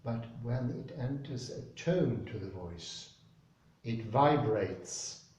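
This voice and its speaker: Slow, mellow man musing aloud. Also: mid-range voice, expressive. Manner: slow, searching, hesitant. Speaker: reading group participant. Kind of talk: reflective discussion. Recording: roomy, distant mic.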